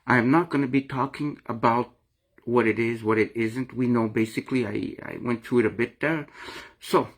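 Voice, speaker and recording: This is a middle-aged man's earnest, emotional vlog confession about his own experience, told in a medium-pitched voice at a moderate pace with fairly even intonation. He wanders as he talks, frequently going back over and restarting phrases.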